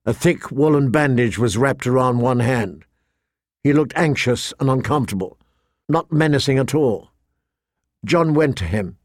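A man narrating a fantasy audiobook in a steady, measured way. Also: medium pitch, dry recording, clean studio sound.

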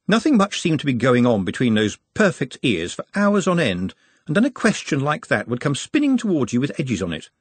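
A man narrating an audiobook in a wry, expressive storytelling manner. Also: on the low side, normal speed, husky, dry recording.

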